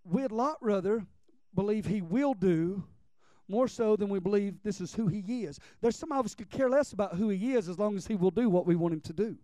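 A middle-aged preacher with a high, mellow voice delivers a storytelling sermon. He leans hard on key words, then sinks low and soft. The sound is close and dry, with no room around it. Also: normal speed, no echo. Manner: storytelling, emphatic, drops to quiet for personal stories.

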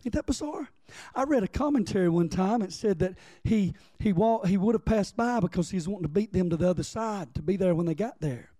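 A man's voice: high-pitched, a little fast, few pauses, dark tone, no echo. A man preaching a sermon as pastor, reading scripture and calling on the congregation to respond.

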